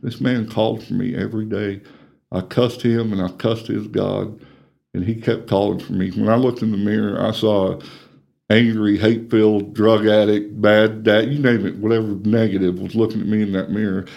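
A middle-aged man, earnestly telling his life story in an interview, plain-spoken and quiet at the painful parts. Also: lowish voice, flat delivery, moderate pace, creaky. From Texas, USA. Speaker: ministry coordinator.

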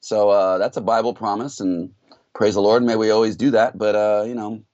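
Lower-voiced male co-host, dull sound. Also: flat delivery, darkish tone, dry recording. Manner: measured, quotes Bible verses. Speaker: radio co-host. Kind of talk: casual talk-show banter.

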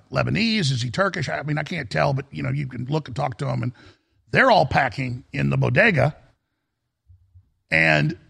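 A man's voice: on the high side, fairly bright tone. A middle-aged man hosting a talk radio show, telling rambling stories in an emphatic manner. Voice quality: gravelly, raspy.

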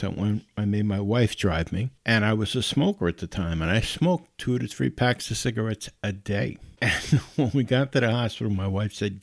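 A man's voice: fairly low pitch, dry recording, studio quality. A middle-aged man hosting a podcast, giving casual advice and telling personal stories in an earnest, folksy, pleading way. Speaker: podcast host.

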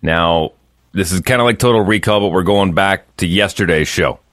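A man's voice: sits low, normal speed, a bit bright, no room sound, studio quality. A man hosting a morning radio show, chatty and jokey, talking straight to listeners. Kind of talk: casual radio banter. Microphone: studio microphone.

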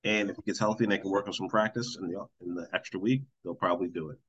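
A man's voice: low voice, racing, husky, dull audio. A man hosting a casual sports podcast, joking and running through picks. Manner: joking, animated storyteller. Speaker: podcast host.

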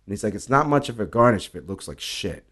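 A man with a slightly low voice tells stories in a loose, conversational way. He swears often and slips into acted-out lines from the people he is describing. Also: fast talker. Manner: animated storyteller, acts out quoted dialogue, swears freely. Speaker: bartender guest. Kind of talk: casual storytelling interview.

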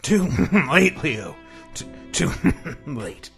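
A man voicing a cocky rival actor in a comedy sketch, with a gravelly, mumbling, smug delivery. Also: a little high, very animated, drawn-out words, a bit bright, soft background music, exaggerated voice.

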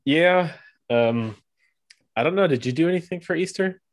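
A man's voice: on the high side, animated, moderate pace. A man hosting a podcast with a stuffy nose from allergies, moving from a scripted intro into easygoing, chatty conversation. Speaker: podcast host. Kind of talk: podcast intro and casual chat.

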